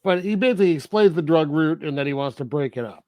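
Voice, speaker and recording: A man's voice: fairly high pitch, lively intonation, fast, a little mellow, dry recording. A man co-hosting a podcast, casually recapping a movie plot with lots of fillers and frequent laughs. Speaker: podcast co-host. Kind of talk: casual film review chat.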